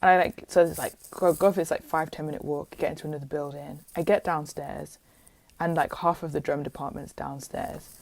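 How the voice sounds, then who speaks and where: Low-voiced chatty British woman. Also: fairly quick, gravelly, no room sound. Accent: British English. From England. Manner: lively, chatty, heavy use of "like". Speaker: guest musician. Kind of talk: casual interview storytelling.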